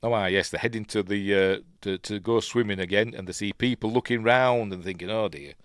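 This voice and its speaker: A man's voice: on the low side, steady tone, brisk, clean tone, dry recording, clean studio sound. A man with a Yorkshire accent, hosting a chatty live film commentary and rambling as he gets sidetracked. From Yorkshire, England. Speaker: host.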